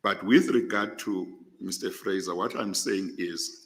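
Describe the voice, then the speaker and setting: Older South African man, very low and unhurried, measured answers with frequent pauses, formal interview. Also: fairly bright tone, rough recording. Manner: measured, pausing often with hesitations. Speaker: interview candidate.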